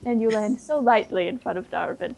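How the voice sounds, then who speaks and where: Eine Frau leitet als Spielleiterin ein Tischrollenspiel und beschreibt die Szenen ausführlich und amüsiert. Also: female voice, fairly high pitch, gravelly, a little mellow, rough recording. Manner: descriptive, amused, drawn-out narration. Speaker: game master. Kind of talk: narrating a tabletop game.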